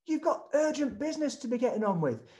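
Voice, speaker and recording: An eager follower in a jostling crowd, impatient and pleading for haste, as a preacher puts the voice on. The voice climbs high and pushes forward in a hurry. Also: sing-song, dark tone. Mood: urgent. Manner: urgent, pleading, hurried.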